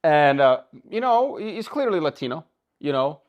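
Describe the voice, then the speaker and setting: A man with a thick Swiss accent and a fairly high voice. He talks bluntly in casual podcast chat, cursing freely and restarting his sentences. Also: big pitch swings, moderate pace, dull audio. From Switzerland. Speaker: podcast co-host.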